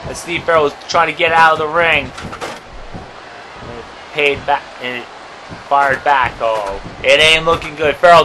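A man doing excitable play-by-play commentary for an amateur wrestling match, dropping to low murmurs and then shouting at big moments. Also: slight background noise, poor audio.

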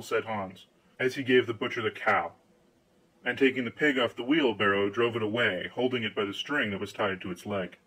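A man narrating a fairy tale audiobook in an expressive storytelling manner. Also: fairly low pitch, normal speed, slightly rough, rough recording.

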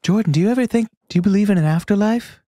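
A man doing a soft, breathy pop-star impression. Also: sits high, very fast, dry recording, clean studio sound, pitched above the performer's own voice, natural voice. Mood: wistful.

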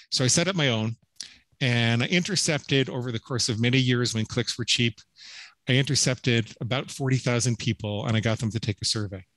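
A man's voice: medium pitch, fairly bright tone, dry recording, low-quality recording. A middle-aged man talking as a podcast guest. He tells his story earnestly and with emphasis, with frequent restarts and "right?" tags. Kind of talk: storytelling interview talk.

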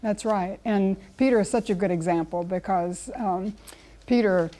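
A woman explains scripture in an earnest, conversational way, telling stories and acting out quotes as she goes. Her voice is warm and mellow. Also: medium pitch, normal speed. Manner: earnest, storytelling with acted quotes. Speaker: guest Bible teacher. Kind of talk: conversational Bible teaching.

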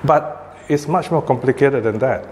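A man's voice: medium pitch, moderate pace. A man giving a dharma talk as a Buddhist teacher, explaining patiently and often checking with his listeners. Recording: long hall reverb, faint background noise.

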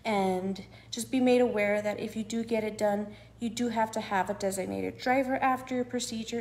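A young woman talking casually to her phone at home, chatty and often dropping to a soft near whisper. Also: medium pitch. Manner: chatty, repeats "you guys", drops to a near whisper at times. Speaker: patient sharing her recovery. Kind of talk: casual selfie vlog. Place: at home indoors.

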